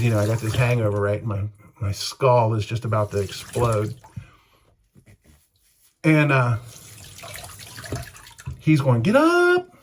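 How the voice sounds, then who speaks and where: A man's voice: medium pitch, a little hiss or hum. A man in his fifties rambling through an anecdote while shaving, chuckling as he reviews shaving gear. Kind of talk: casual vlog storytelling while shaving.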